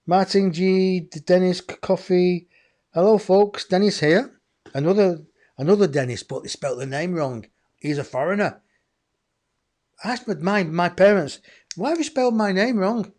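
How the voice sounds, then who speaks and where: Brief: male medium, slow and chatty, voice on the high side. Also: a little mellow. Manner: rambling, chatty, addresses viewers as folks. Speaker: psychic medium host. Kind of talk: live-streamed channeling show.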